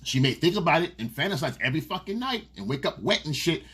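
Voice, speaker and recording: A man's voice: on the high side, very animated, fast, a bit bright, husky. A man giving casual dating advice in a monologue. He is blunt and profane and keeps asking "okay?". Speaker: dating coach.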